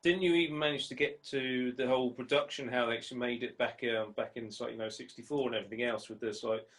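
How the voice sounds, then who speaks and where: A man's voice: mid-range voice, fairly even intonation, fast talker, a bit bright. Host, male, casual, hesitant delivery. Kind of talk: casual interview chat.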